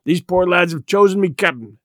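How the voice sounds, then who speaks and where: A man's voice: high voice, brisk, dry recording, clean studio sound, close to an everyday voice. A man voicing a cheery, wheedling one-legged pirate leader. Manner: hearty, ingratiating.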